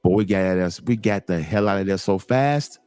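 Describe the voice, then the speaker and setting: A middle-aged man hosting a show, telling a personal story in a casual, animated, digressive way. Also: low voice, fairly quick, smooth, no room sound. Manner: animated, digressive, lots of repeated starts. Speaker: host.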